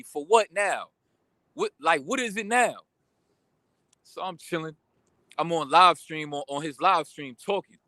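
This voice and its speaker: Animated young man venting a story. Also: fairly high pitch, dry recording. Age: young adult. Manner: animated, slangy, venting with quick asides. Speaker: vlogger. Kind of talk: casual storytime rant.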